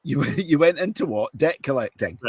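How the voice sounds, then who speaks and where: A man's voice: fairly high pitch, animated, moderate pace, slightly rough. A man hosting a podcast, prompting his guest with brief questions and chuckles. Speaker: podcast host. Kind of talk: interviewing in casual chat.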